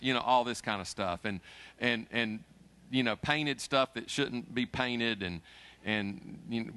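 A middle-aged man preaching a sermon as pastor, folksy and emphatic, mixing jokes with rising, forceful peaks. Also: fairly low pitch.

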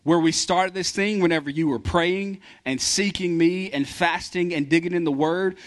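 A man's voice: high-pitched, moderate pace. A man, preaching a conversational sermon and acting out little dialogues. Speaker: pastor.

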